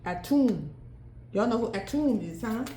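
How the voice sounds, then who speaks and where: A woman's voice: a little high, expressive, a little slow, warm tone, reverberant, slight background noise. A woman giving a solo tarot card reading, thinking aloud and breaking into exclamations and laughter. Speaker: tarot reader.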